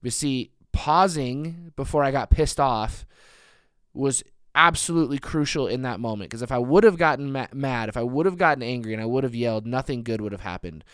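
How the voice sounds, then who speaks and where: A man in his thirties preaching a sermon, earnest, building to emphatic peaks and then dropping soft. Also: medium pitch, a little fast, clean tone, dry recording, studio quality. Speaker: pastor.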